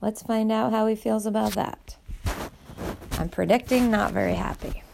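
A woman reading a novel aloud in an expressive, animated way. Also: medium pitch, normal speed, gravelly, noisy background. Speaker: audiobook reader.

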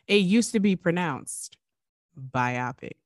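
A woman's voice: deep voice, expressive, normal speed, dry recording, clean studio sound. A woman co-hosting a podcast in casual chat, telling stories in a wry, emphatic way. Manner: chatty storyteller, wry and emphatic. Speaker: podcast co-host.

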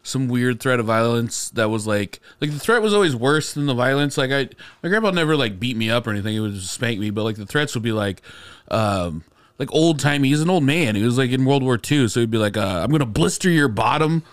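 A man's voice: mid-range voice, animated, brisk, clean tone, no echo. A man on a podcast, telling a comic story in casual chat full of filler words. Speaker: podcast host.

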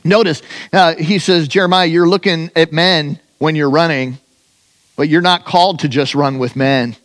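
A man preaching a sermon as pastor, animated, swinging between loud emphatic highs and hushed, conversational lows, with casual asides and restarts. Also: moderate pace.

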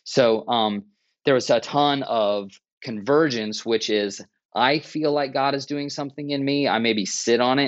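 A man's voice: lowish voice, no echo. A man telling his story earnestly in a casual podcast interview, with plenty of restarts. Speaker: church planter guest. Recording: muffled, dry podcast audio.

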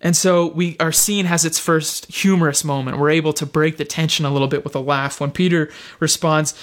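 A man preaching a sermon, retelling a scene in a reflective, storytelling way with slow, deliberate phrasing and pauses. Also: on the high side, fairly even intonation.

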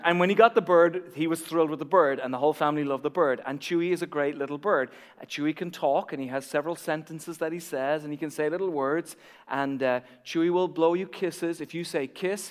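A middle-aged man delivers a sermon in a high, light voice. He moves from hushed asides to emphatic peaks, and his voice carries the long reverb of a large church hall. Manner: expressive, swings between soft asides and emphatic peaks. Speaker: pastor.

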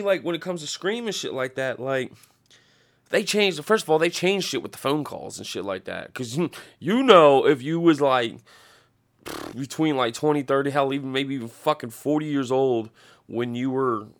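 A man in his thirties hosting a podcast, ranting casually and profanely, rambling with restarts and animated outbursts. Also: mid-range voice. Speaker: podcast host.

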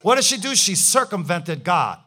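A man's voice: high-pitched, big pitch swings, normal speed, bright, forceful tone. A male pastor preaching a fervent sermon, firing rhetorical questions and hallelujahs.

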